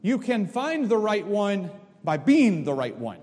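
A middle-aged male pastor delivering a sermon, emphatic, with sudden swings between loud and soft. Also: sits high, very animated, a little slow. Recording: long reverb of a large hall.

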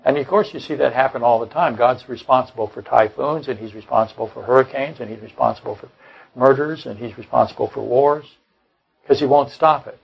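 A man's voice: mid-range voice, fairly quick, gravelly, slightly rough, poor audio. An older man preaching a sermon, blunt and combative, often repeating and restarting his phrases. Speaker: pastor. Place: church service.

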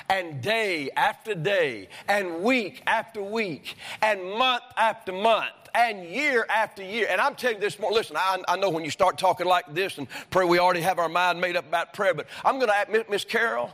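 A man's voice: high-pitched, lively intonation, moderate pace, fairly bright tone, big-room sound. A male pastor preaching a sermon, emphatic and repeatedly questioning his congregation. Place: church sanctuary.

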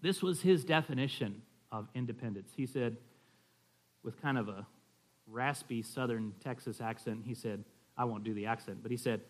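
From California, a man with a mid-range voice and normal speed teaches a class on church history conversationally. He tells stories and checks in with his listeners often.

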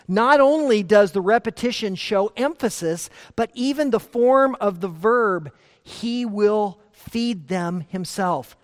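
High-voiced man preaching in an echoing hall. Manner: emphatic, shifts between hushed asides and forceful declarations. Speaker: pastor. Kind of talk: expository sermon. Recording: long hall reverb.

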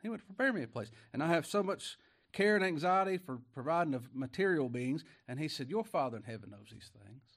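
A middle-aged man preaching a folksy sermon, moving from quiet asides to emphatic raised lines. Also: on the high side, lively intonation, quick pace. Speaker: pastor.

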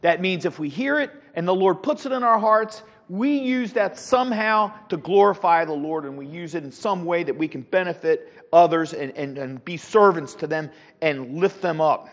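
A middle-aged man teaching a Sunday school class, animated, with rhetorical questions and frequent restarts. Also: sits high, normal speed, few pauses. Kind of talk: Bible teaching. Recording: dull lo-fi sound with long hall reverb.

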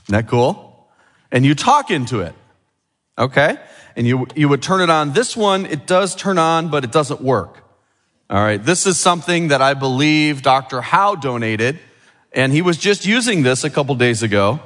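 A man's voice: fairly high pitch, animated, moderate pace, fairly bright tone, in a large hall. A middle-aged male pastor giving a sermon with a children's object lesson, chatty and full of questions to the room. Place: church sanctuary.

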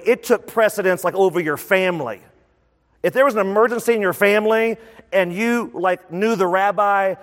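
A man preaching a sermon as a pastor, lively and conversational, repeating words for emphasis. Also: high voice. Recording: long reverb of a large hall.

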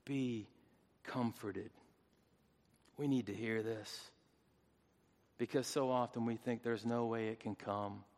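A man preaching a sermon as pastor, swinging between hushed, tender lines and loud, fervent calls. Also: medium pitch, fairly even intonation, a little slow. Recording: long hall reverb.

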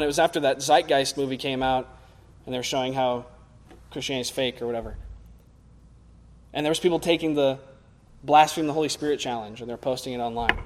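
A young male preacher with a notably high voice delivers an earnest sermon. He swells to loud, forceful peaks and then drops to quiet, low lines. The sound carries a long reverb, like a large hall.

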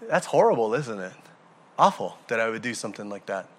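A man preaching a sermon to a congregation, animated, throwing rhetorical questions and acting out everyday scenes. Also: fairly low pitch, a little fast. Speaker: pastor.

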